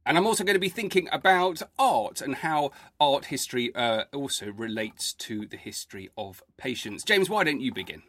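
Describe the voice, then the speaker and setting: Wry, relaxed man, a historian. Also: mid-range voice, normal speed, few pauses, dry recording. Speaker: historian and podcast co-host. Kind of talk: conversational podcast talk. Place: home, recording remotely.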